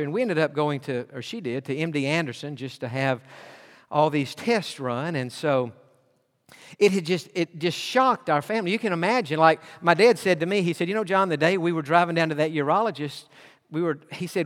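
Male pastor, sermon storyteller, earnest and animated, voices the dialogue, slightly high pitch, echoing sanctuary. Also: moderate pace. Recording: long hall reverb.

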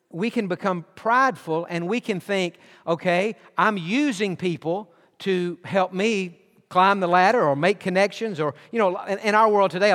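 A man preaching in a church, his fairly high voice carrying through a long hall reverb. He tells folksy stories and slips in easy humor as an associate pastor. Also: a bit bright. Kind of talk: sermon. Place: church sanctuary.

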